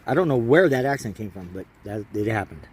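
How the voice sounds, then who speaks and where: A man's voice: fairly low pitch, lively intonation, brisk, a little hiss or hum. A man vlogging outdoors at a mountain campsite while hiking, chatty and rambling, a little tired, talking into a handheld camera. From Alaska. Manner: chatty, rambling, self-interrupting. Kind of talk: casual vlog narration.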